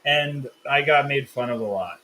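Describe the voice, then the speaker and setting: A man's voice: medium pitch, moderate pace, pushed and bright, poor audio. A man hosting a live cooking stream, explaining steps and teasing his co-host in a casual, joking way. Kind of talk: casual live cook-along chat.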